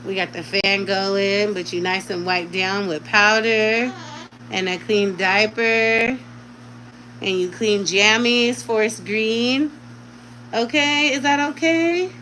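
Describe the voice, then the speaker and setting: A woman's voice: medium pitch, fairly even intonation, takes it slowly, pushed and bright, a little hiss or hum, poor audio. A woman at home talking in casual vlog chat while caring for a baby, slipping into doting baby talk as she coaxes an infant to speak. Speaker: vlogger.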